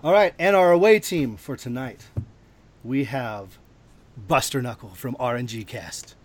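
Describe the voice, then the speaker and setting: A man's voice: medium pitch, measured pace, no room sound. A man hosting a casual podcast, introducing guests with playful, showman-like flair. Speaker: podcast host.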